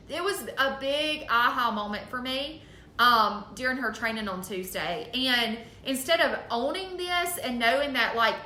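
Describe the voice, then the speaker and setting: A woman's voice: a little high, pushed and bright. A woman giving a casual, earnest motivational talk to her sales team, full of ums and likes. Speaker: direct sales team leader. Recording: echoey room.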